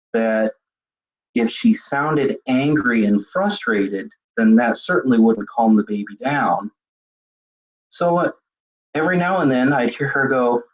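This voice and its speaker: A man's voice: medium pitch, breathy edge. A man presenting a recorded web seminar on leadership, explaining ideas as he thinks them through. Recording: dull lo-fi web seminar audio.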